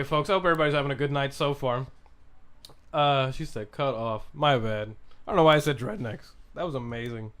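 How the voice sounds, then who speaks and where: A man hosting a podcast livestream, reading viewers' chat messages and answering in a rambling, relaxed way with frequent restarts and casual swearing. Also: medium pitch.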